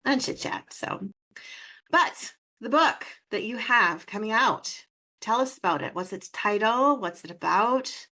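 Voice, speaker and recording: A woman's voice: fairly high pitch, animated, measured pace, bright, forceful tone. A woman with a Minnesota accent hosting a podcast interview in easy, chatty conversation, laughing often. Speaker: podcast host. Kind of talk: casual interview chat.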